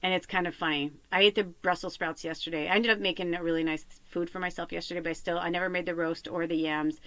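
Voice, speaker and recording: A woman's voice: on the low side, steady tone, quick pace, a bit bright, no room sound. A woman hosting a spiritual podcast, chatting in a rambling way and often repeating "I'm like" as she retells things. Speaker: podcast host and spiritual medium. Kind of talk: casual rambling chat.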